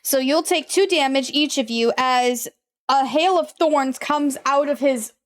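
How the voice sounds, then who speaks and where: A woman running a tabletop game online, relaxed, chatty and quick to laugh. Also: sits high. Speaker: game master.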